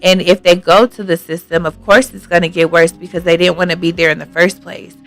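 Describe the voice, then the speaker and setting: A woman's voice: fairly low pitch, little pitch movement, brisk, faint music behind. A woman hosting an advice show, talking casually and reading out viewer comments. She speaks earnestly and thinks aloud with lots of fillers.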